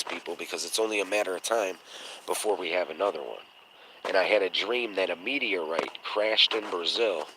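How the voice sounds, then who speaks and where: A man's voice: deep voice, background noise. A man hosting a casual livestream chat, telling stories in a blunt, profane way and acting out the voices of people he quotes. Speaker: podcast host.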